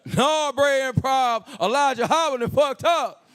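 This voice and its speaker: A man doing an impression of a brash, profane older male comedian, shouting taunts at the storyteller. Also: very high-pitched, unhurried, smooth, pitched above the performer's own voice. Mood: taunting.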